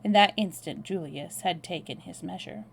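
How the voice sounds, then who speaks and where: Woman reading a novel aloud, gravelly. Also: lowish voice, moderate pace, a little hiss or hum. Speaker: storyteller.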